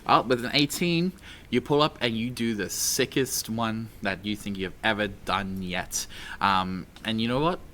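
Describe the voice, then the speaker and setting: Chatty dm guy, bright sharp voice, um and you know everywhere, laughs a lot. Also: on the low side, unhurried, slight background noise. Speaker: dungeon master. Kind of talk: narrating a tabletop game.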